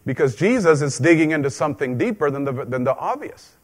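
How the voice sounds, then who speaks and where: A man's voice: fairly high pitch, animated, a little fast, hardly any pauses, fairly bright tone. A man preaching a conversational sermon as a pastor, joking in asides and repeating phrases for emphasis.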